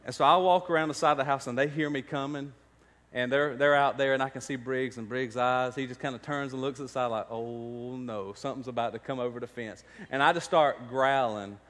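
Here a pastor talks a little fast, his mid-range voice slightly bright against a long reverb tail. His sermon in the church sanctuary shifts from telling stories to emphatic preaching.

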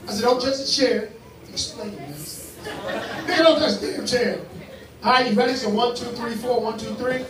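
Loud and laughing, the D.C. comedy host with the high voice teases and swears his way through a crowd game at a live venue. His speed is normal with frequent pauses, and the recording is distant and echoey, with a loud crowd.

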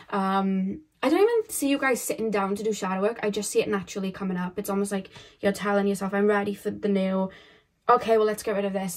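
Chatty woman giving a tarot reading. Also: mid-range voice. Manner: chatty, loose, with many fillers and self-restarts; speaks straight to viewers as "you guys". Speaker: tarot card reader. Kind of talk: casual pick-a-card tarot reading.

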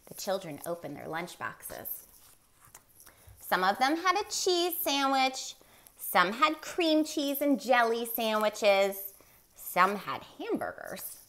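Animated woman reading a picture book. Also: on the high side, slow pace. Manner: animated and expressive. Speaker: story time reader.

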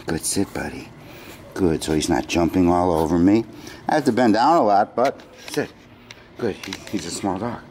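A male dog trainer demonstrates outside, narrating the training, snapping out brief firm commands and switching to a sing-song tone for praise. He speaks at a normal speed in a low, slightly mellow voice. The outdoor ambience comes through clearly, along with a little hiss or hum.

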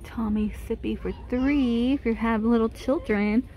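A woman's voice: fairly high pitch, steady tone, a little slow, dark tone. A woman vlogging a casual shopping walkthrough in a big store, chatting about prices and gushing over cute items as she films on her phone. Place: inside a large retail store.

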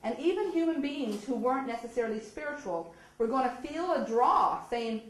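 A woman telling her personal story to an audience, animated and acting out the dialogue with laughs. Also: a little high, normal speed, hardly any pauses. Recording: echoey hall.

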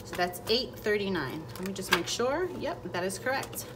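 A woman's voice: mid-range voice, expressive, normal speed, very noisy. A woman vlogging her budget, chatting casually and counting bills aloud with playful asides. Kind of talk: casual chat while counting cash.

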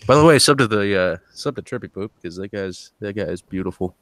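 Laid-back guy on a voice call, kinda low voice, dry sound, rambles with lots of like and uh. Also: expressive, fairly quick, a bit bright, no echo. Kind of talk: casual online voice chat.

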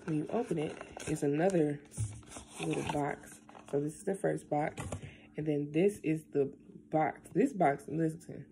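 A young woman talking casually into her camera at home, rambling and tearful, with lots of halting fillers. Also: deep voice, warm tone, a little hiss or hum. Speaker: vlogger. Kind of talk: casual vlog, emotional talk then unboxing.

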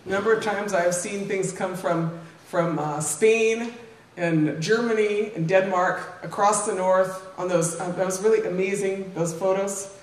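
A woman's voice: medium pitch, steady tone, unhurried, a little hiss or hum. An older woman giving an informal public talk with slides, chatty and full of asides and tag questions to the audience. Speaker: invited speaker. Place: lecture room. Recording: roomy, distant mic, faint ambience.

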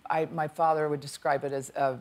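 A woman's voice: low-pitched, little pitch movement, fairly quick. A woman in her sixties chatting as a talk show guest, giggly and self-deprecating, often trailing off mid-sentence. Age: 60s. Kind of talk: casual talk show chat. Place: TV studio with an audience.

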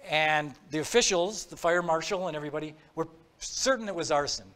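A man's voice: a little high, brisk, a bit bright. A man giving a talk, telling a true-crime story in a conversational way, acting out quoted dialogue. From Minnesota.

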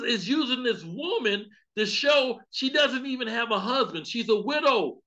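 A man preaching a sermon at a Bible study, telling a comic story with lively outbursts. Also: extremely high pitch, normal speed, few pauses, muffled recording. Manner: animated, comedic storytelling with outbursts. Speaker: pastor.

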